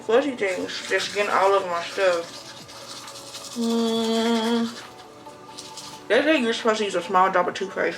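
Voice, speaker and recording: A young woman in her twenties talking fast and casually while getting ready in her bathroom, recorded on a camera mic. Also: lowish voice. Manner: talks fast without pauses, breathy between sentences. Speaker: nurse vlogger. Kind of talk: casual get-ready-with-me vlog. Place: home bathroom.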